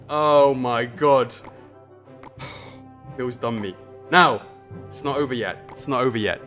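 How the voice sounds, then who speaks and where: A man hosting a live stream, commentating his own game with excitable groans and playful trash talk aimed at his opponent. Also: high voice. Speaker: streamer and show host. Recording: game music playing under the voice. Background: game music.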